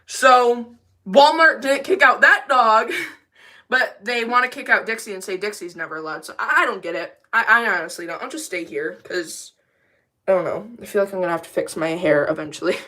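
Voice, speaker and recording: A woman talks into a livestream from her bathroom with a bright, clear-edged voice. She rants in a casual, rambling way and stays emphatic and defiant. She is firm and unapologetic. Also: on the low side, fast talker. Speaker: livestreamer with a service dog.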